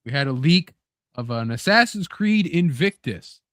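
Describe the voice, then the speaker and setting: A man's voice: a little high, very animated, moderate pace, a bit bright, no echo, clean studio sound. Rambling, profane podcast host man. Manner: rambling, profane, laughs often. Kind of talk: casual chat.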